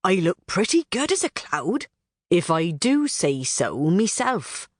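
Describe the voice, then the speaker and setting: A woman's voice: on the low side, very animated, takes it slowly, dry recording, studio quality, full character voice. A woman voicing Robin, a playful, cheeky young male fairy who speaks in a smug, teasing way in a storybook reading.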